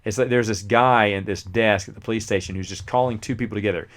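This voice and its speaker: A man's voice: lowish voice, steady tone, fast. A man hosting a casual movie review show who acts out scenes as he retells them. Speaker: movie review podcast host.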